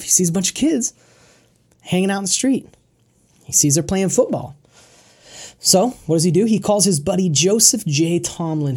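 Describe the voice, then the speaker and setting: Mellow, husky woman telling a story. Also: deep voice. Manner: casual, slangy, repeats words as she goes. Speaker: event speaker. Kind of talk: storytelling talk.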